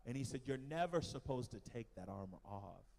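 A man's voice: mid-range voice, a little fast, gravelly. Man telling a testimony in a reverberant hall. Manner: animated storytelling with fillers. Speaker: missionary speaker. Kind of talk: church testimony. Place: church hall.

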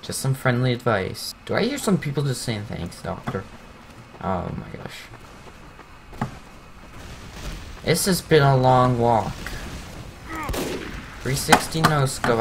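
A man's voice: medium pitch, creaky, slight background noise. Rambling young man narrating his gameplay. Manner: rambling, self-mocking, excitable outbursts. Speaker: gameplay commentator. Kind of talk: casual gameplay commentary.

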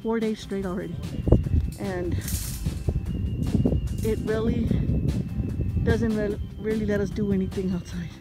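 A woman's voice: medium pitch, fairly even intonation, measured pace, pauses often. A woman and mother filming a casual homestead vlog outdoors, chatting to viewers as she walks them around. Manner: chatty, addresses viewers as guys and y'all. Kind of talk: casual vlog walk-through. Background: loud background music.

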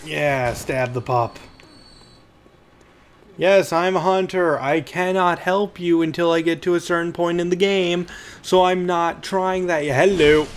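A fairly high-pitched man talks through his gameplay from home in a loose, rambling way. He chats easily and breaks into panicked yelps when things go wrong. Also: fairly even intonation, a little slow, a little hiss or hum. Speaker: let's play host. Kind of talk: gameplay commentary.

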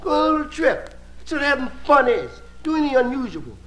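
A male stand-up comedian telling stories with a relaxed drawl and playful asides. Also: very high voice, brisk. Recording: hissy live album recording.

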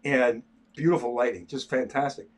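A man's voice: mid-range voice, moderate pace. An older man, an artist, chatting casually during a livestream as he sketches, talking in a stop-start way with many repeated words. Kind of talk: casual livestream chat while drawing.

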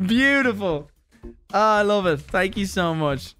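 A young man, chatting casually on a livestream as he opens viewer parcels, animated and swearing freely as he reads letters aloud. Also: high voice, unhurried, smooth, faint music behind. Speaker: streamer host. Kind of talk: casual livestream unboxing chat.

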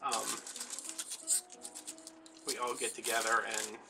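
A man's voice: medium pitch, fairly even intonation, moderate pace, pauses often. A man telling a rambling, chatty story with lots of fillers while he works on a craft project. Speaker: craft vlogger. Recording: mic at a distance with clear background music.

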